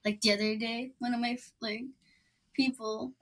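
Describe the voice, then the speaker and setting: A teenage girl, a guest on a podcast, telling a story in a lively, giggly way. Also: on the high side, moderate pace. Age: teens. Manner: lively, giggly, quoting others. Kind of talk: casual storytelling.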